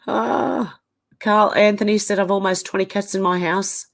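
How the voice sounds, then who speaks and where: A woman's voice: mid-range voice, steady tone, moderate pace, gravelly. A woman with an Australian accent hosting a casual livestream, reading viewer comments aloud and reacting to them. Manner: reads out chat comments and reacts conversationally.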